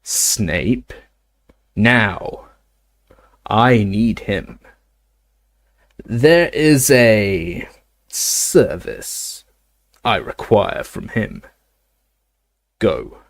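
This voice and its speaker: A man voicing a cold, menacing dark male wizard lord in an audiobook reading, slow and hushed. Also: sing-song, creaky, heavily acted. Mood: commanding. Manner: slow, low and hushed, commanding.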